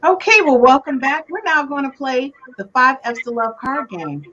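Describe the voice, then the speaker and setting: A woman hosting a casual podcast game, briskly moving her guests along. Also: sits high, animated, a bit bright, muffled recording. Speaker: podcast host. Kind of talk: casual chat, game host.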